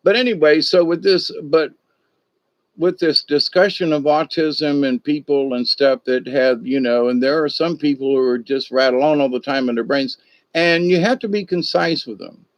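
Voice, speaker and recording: Older man, stream host, rambling folksy storytelling, fairly high voice, dull lo-fi dry recording. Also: normal speed, no room sound. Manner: folksy, meandering, many filler asides. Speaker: livestream host.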